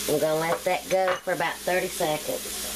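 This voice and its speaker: A woman's voice: low-pitched, fairly even intonation, fairly quick, background noise. A woman with a Southern country accent hosting a cooking show, chatting casually as she walks through each step. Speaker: cooking channel host.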